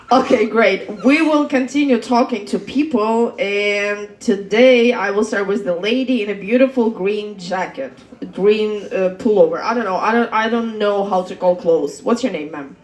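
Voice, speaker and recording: A woman's voice: medium pitch, normal speed, a little hiss or hum. Teasing woman hosting stand-up, echoey room. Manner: teasing, chatty, laughs between jokes. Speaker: comedy host. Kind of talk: stand-up and crowd work. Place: comedy venue, roomy.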